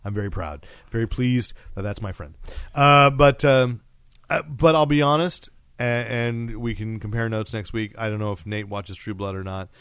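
A man co-hosting a podcast, chatting casually about TV shows in a rambling, animated way with lots of fillers and restarts. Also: on the low side, moderate pace, smooth, no room sound, clean studio sound. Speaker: podcast co-host.

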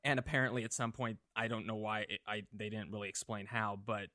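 A man with a lowish voice tells a long story on a podcast, tumbling through restarts with eager, animated energy. His voice is recorded close and dry, with no room around it. It sounds like a relaxed chat among friends. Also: fairly quick, no room sound. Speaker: podcast guest reporting on a fan convention.

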